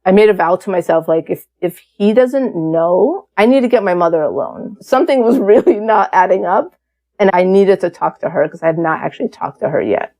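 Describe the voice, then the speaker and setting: A woman around fifty shares a personal story as a podcast guest. She speaks frankly and casually, curses freely, and acts out what other people said. Her voice has a mellow, dark tone at a middle pitch. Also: expressive, brisk.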